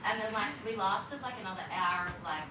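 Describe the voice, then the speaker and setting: An Australian woman telling a birth story as a podcast guest, in animated, breathless storytelling full of fillers. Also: mid-range voice, brisk. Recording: echoey room, distant mic, background noise.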